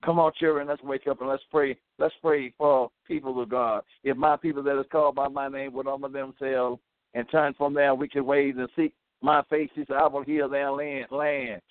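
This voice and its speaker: A man's voice: mid-range voice, flat delivery, moderate pace, no room sound. A man preaching a radio sermon with fervor, sprinkling in "amen" and "praise the Lord" as he exhorts his listeners to pray. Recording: tinny phone-like radio sound.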